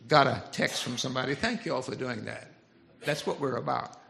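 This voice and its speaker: A man's voice: medium pitch, fairly quick, vocal fry, slight background noise. An older man preaching a folksy sermon in a church, telling stories with humor. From Louisiana Cajun. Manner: folksy, animated storytelling with humor. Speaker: pastor. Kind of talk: storytelling sermon. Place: church sanctuary.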